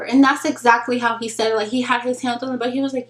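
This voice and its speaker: A woman's voice: high voice, fast. Chatty young woman in an echoey room. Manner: chatty, animated storytelling with acted-out quotes; frank, slangy. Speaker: beauty vlogger. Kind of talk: casual get-ready-with-me chat.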